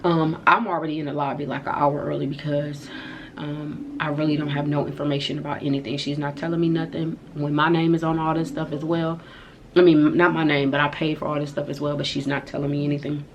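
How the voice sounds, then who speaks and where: A woman vlogger telling a story in casual slang, animated and profane. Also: deep voice, fairly quick, highs cut off, a little hiss or hum. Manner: animated, profane retelling of a fight. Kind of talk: storytime vlog.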